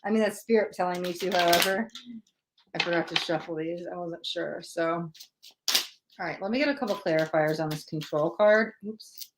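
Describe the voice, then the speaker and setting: On a very noisy recording, a woman with a lowish voice speaks at normal speed while leading a live psychic tarot reading. She chats with viewers and talks through the cards she pulls, animated and chatty, voicing the quotes she tells.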